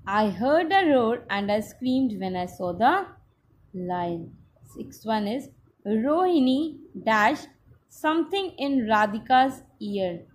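A woman teacher with an Indian English accent, giving a slow, patient class lesson that spells out each step. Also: a little high, lively intonation, a little hiss or hum.

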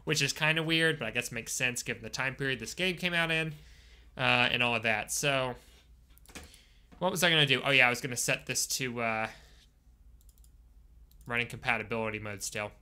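A man giving casual live-stream commentary while playing a game, chatting with viewers and breaking into sudden excited outbursts. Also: medium pitch, moderate pace, pauses often, clear, resonant tone. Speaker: gaming streamer.

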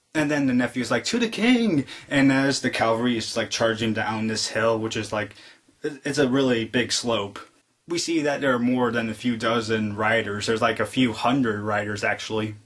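A man giving a casual spoken film review, retelling scenes in a rambling way full of fillers and jumping into excited re-enactments of the characters' lines. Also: mid-range voice. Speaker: movie reviewer.

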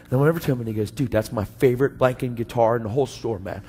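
A man preaching a sermon, telling a story in a slangy, animated way and acting out both sides of the conversation. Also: medium pitch, racing, a little hiss or hum. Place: church sanctuary. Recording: church hall reverb with faint music.

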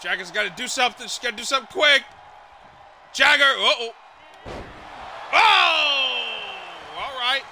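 A man calling a wrestling match as commentator, with excited play-by-play that keeps breaking into shouts, exclamations and swearing. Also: extremely high pitch, measured pace, pauses often, a faint crowd, a little hiss or hum.

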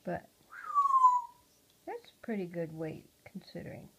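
A woman at home talking to her pet parrot in a casual home video, cooing softly and often dropping to a hush. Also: fairly low pitch, big pitch swings, measured pace, gravelly, a little hiss or hum, poor audio. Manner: soft, cooing talk to a pet, often hushed.

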